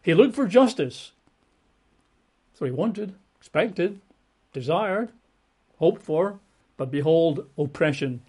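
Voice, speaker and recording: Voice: mid-range voice, lively intonation, slow, pauses often, a little mellow, breathy edge. Emphatic preacher piling up repetitions. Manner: emphatic, piles up repeated synonyms, conversational asides. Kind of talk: sermon, Bible exposition.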